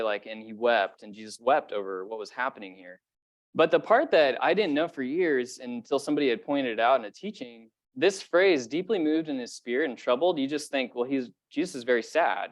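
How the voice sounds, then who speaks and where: Young male pastor, relaxed conversational preaching, mid-range voice, gets louder to drive a point home. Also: medium pitch. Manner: casual conversational preaching with fillers; swells louder when stressing a point. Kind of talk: sermon.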